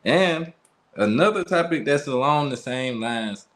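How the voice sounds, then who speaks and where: A man's voice: medium pitch, lively intonation, measured pace, a bit bright. A man from the United States, hosting a casual commentary vlog in a loose, conversational way full of slang and fillers. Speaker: channel host.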